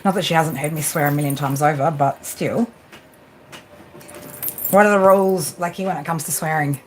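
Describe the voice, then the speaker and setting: A woman's voice: low-pitched, fairly even intonation, moderate pace, slight background noise. A woman tarot reader hosting a casual live stream from home, chatty and swearing freely as she talks to viewers and her pets by name.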